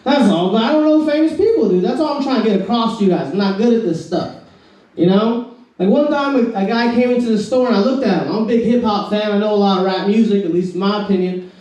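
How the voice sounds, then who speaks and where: A man's voice: high-pitched, quick pace, a little mellow, recorded from a distance. A man from Florida with a Southern accent, doing a rambling, laid-back stand-up set and calling everyone bro. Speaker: stand-up comedian. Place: comedy club stage. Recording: echoey room, mic from afar.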